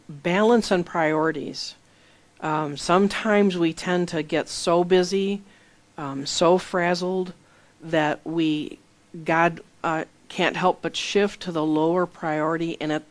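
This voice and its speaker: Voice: mid-range voice, fairly even intonation, measured pace. A preacher giving a conversational sermon, reading scripture aloud and explaining it plainly through personal stories. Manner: earnest, reads scripture then explains it plainly; tells personal stories with small laughs. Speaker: Bible teacher.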